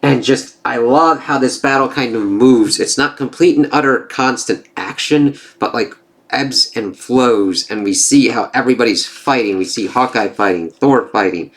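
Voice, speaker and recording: A man's voice: medium pitch, normal speed. A man giving a casual spoken review of a comic book, reading panels aloud with enthusiastic, conversational asides.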